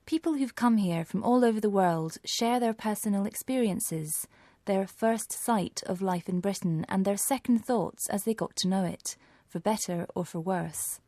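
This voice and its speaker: A woman announcing a programme, reading a scripted introduction in a smooth, formal way. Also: mid-range voice, normal speed, dark tone, dry recording, studio quality.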